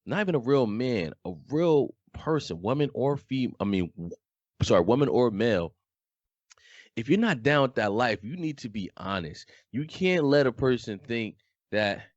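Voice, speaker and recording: A man co-hosting a podcast in a casual, animated, slangy chat, with a slightly smoky voice. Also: mid-range voice, moderate pace, dry recording, highs cut off. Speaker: podcast co-host.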